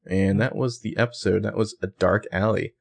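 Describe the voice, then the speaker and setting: A man with a very low, gravelly voice, talking casually on a podcast. He tosses out theories about a show and hedges them with fillers as he goes. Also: steady tone, moderate pace. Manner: chatty, speculative, hedging with fillers. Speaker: podcast co-host. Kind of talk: casual recap chat.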